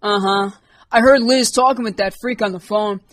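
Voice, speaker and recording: A woman voicing Sam, a nosy teenage boy who mocks and gets excited, louder than her narration. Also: sits high, moderate pace, no echo. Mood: taunting. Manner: taunting, excitable.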